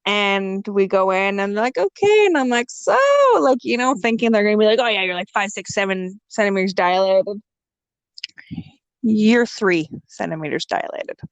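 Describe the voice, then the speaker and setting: A woman's voice: mid-range voice, moderate pace, clean tone, no room sound. Young woman, candid podcast guest, salty language, acts out the dialogue, dry close sound. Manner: swears freely and acts out quoted dialogue; lively, frank and joking. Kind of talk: casual storytelling chat.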